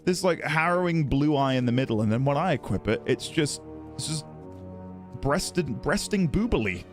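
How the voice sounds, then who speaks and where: A man's voice: fairly high pitch, expressive, normal speed, faint music behind. A man chatting casually on a live stream while playing a game, giggly and self-deprecating.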